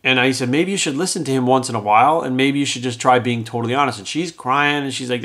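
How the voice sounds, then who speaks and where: Here a middle-aged fitness coach and podcaster talks quickly in a mid-range, slightly bright voice. His monologue is casual and meandering, a personal tale in which he acts out other people's words.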